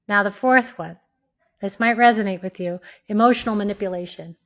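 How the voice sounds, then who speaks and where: A woman hosting an advice talk, speaking in a calm, measured way and acting out sample replies. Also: medium pitch. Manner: calm, measured, acts out sample lines with shifts of tone. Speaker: host.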